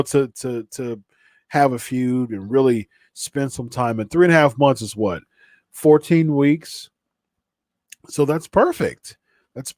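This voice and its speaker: A man's voice: fairly high pitch, no room sound. A man hosting a live podcast stream, chatting casually in a rambling way full of fillers and restarts, a little stuffy from a cold. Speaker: podcast host.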